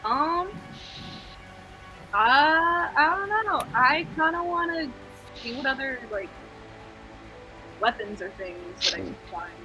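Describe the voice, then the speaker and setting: A woman's voice: high voice, expressive, slow pace, long pauses, sharp tone, dull audio, faint music behind. A woman playing a tabletop game, speaking hesitantly and often giggling. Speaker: player.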